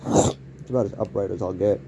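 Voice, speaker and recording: A man rambling through a casual home vlog indoors, using odd word choices and breaking into sudden yelled outbursts. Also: lowish voice, fairly even intonation, brisk, creaky, heavy background noise. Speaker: vlogger.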